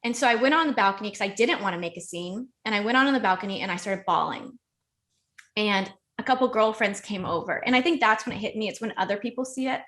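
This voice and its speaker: A young adult woman appearing as a podcast guest shares a personal story in easygoing conversation, animated and emotional, often starting her sentences over. She talks fast in a mid-range voice.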